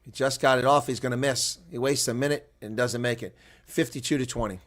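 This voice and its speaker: A man giving live rugby play-by-play, shouting on big plays and chatting casually with viewers in between. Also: mid-range voice, steady tone, brisk. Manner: reads viewer chat aloud. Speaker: play-by-play commentator. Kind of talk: live sports commentary.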